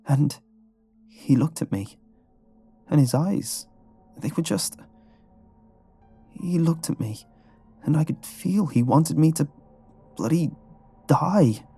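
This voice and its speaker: A man voicing a frightened young female sleep-study patient who speaks in halting, broken phrases. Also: low-pitched, animated, warm tone, breathy edge, soft background music, voice pushed up, heavily acted. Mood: terrified. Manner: halting, breathless, with broken restarts. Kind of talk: storybook horror narration.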